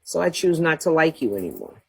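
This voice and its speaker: A woman's voice: sits low, wildly swooping pitch, a little fast, creaky, slightly rough. Blunt profane woman ranting on a livestream. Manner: blunt trash-talking, profane, laughs often. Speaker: livestream host. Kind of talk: casual livestream rant.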